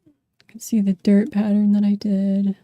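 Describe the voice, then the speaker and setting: A young woman chats through her sculpting session in a relaxed, rambling way, full of ums and apologies for her hiccups. Her voice is deep-toned and mellow, recorded dry and close at home. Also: unhurried, no echo. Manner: chatty, apologetic, filler-heavy. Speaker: sculpting vlogger. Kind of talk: casual talk while sculpting.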